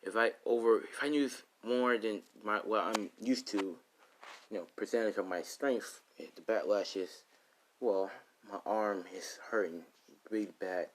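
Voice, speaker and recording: A man's voice: lowish voice, a little slow, lightly acted, low-quality recording. A man voicing a polite teenage boy who explains himself hesitantly. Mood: earnest. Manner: hesitant, rambling, mild.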